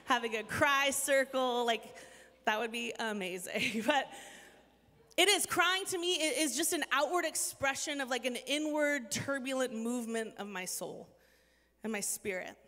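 A woman's voice: high voice, measured pace, sharp tone, long reverb tail. A woman in her thirties giving an earnest inspirational talk to a live audience, chatty and self-deprecating, with lots of "like". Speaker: speaker addressing an audience.

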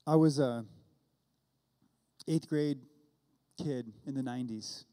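A man's voice: mid-range voice, slow, dark tone. A man in his forties preaching a sermon, telling a story and acting out both sides of the dialogue. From California. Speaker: pastor. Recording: long hall reverb.

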